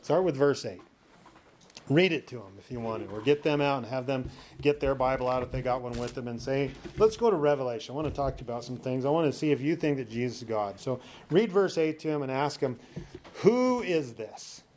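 A man's voice: mid-range voice, darkish tone, slight background noise. Conversational man teaching a sermon. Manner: conversational, coaching listeners with frequent "okay?" check-ins; slows down to read scripture aloud.

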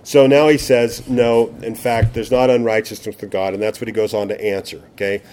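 A man's voice: on the low side, little pitch movement, brisk, noisy background. A middle-aged man preaching a Bible teaching sermon, conversational, asking rhetorical questions and checking in with "okay?". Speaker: pastor.

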